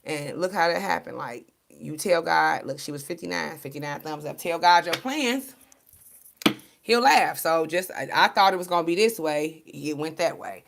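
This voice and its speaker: A woman talks to her viewers as a tarot card reader. Her voice is gravelly and sits fairly low, and she sounds animated and preachy, laughing often and swearing freely. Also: moderate pace. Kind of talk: casual spiritual pep talk to viewers.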